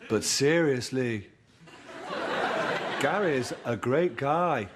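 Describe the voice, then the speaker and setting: Speaking extremely slowly in a medium-pitched, animated voice, a young adult actor plays a clownish best man rambling through silly jokes and goofy asides in a sitcom. Crowd noise and a noisy background come through, along with loud audience laughter from the TV recording.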